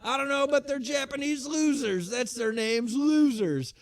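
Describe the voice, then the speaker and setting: A man doing an impression of an excitable male wrestling manager who shrieks boastful taunts. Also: very high-pitched, a little slow, pitched above the performer's own voice. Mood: gloating.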